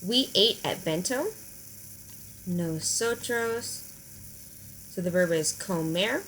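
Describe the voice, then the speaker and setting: Low-voiced woman teaching Spanish verbs. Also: lively intonation, fairly bright tone, slight background noise, low-quality recording. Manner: friendly, explanatory, slows down to spell out verb endings. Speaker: high school Spanish teacher. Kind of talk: recorded video lesson at a whiteboard.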